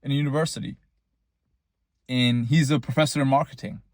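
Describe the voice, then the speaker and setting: A young man talks in a loose, rambling monologue, boasting about himself in a joking way. His voice sits in a middle pitch and sounds dry and close, with no room echo. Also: steady tone, a little fast. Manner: boastful, rambling, tongue-in-cheek self-praise. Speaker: vlogger. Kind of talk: casual monologue.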